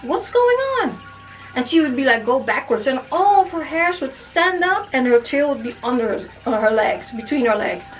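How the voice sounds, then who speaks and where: High-voiced woman telling a spooky story. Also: moderate pace, few pauses, far from the mic, slight background noise, poor audio. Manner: animated, acts out her own past reactions, many "like" fillers. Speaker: storytime YouTuber. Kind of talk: casual storytelling to camera.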